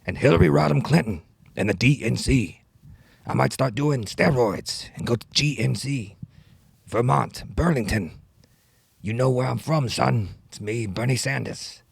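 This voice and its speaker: A man doing a gravelly old politician rapping. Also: medium pitch, no room sound, studio quality, heavily acted. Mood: boastful. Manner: boastful, slow and drawling rap delivery. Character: impression of an old male politician freestyle rapping. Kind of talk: comic freestyle rap.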